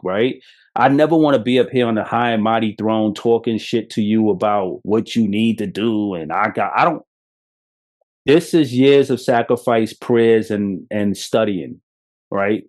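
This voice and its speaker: Middle-aged Brooklyn man, podcast host; blunt and salty, animated storyteller, mid-range voice. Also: mid-range voice. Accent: New York. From Brooklyn, New York. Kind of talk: candid motivational talk.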